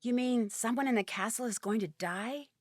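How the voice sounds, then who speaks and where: A woman's voice: on the high side, moderate pace, a little mellow, dry recording, studio quality, natural voice. A woman playing a young woman detective who asks curious, direct questions in a mystery game.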